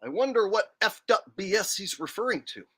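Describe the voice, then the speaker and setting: A man's voice: sits high, expressive, brisk, fairly bright tone, breathy edge. A man hosting a livestream, reading viewers' super chats in a casual, joking way with some swearing. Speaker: livestream host.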